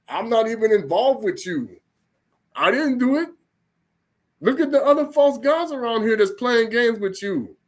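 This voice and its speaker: A man's voice: extremely high pitch, lively intonation, a little slow, pauses often, pitched above the performer's own voice. A man voicing an exasperated male deity who scolds his people in an emphatic, incredulous way.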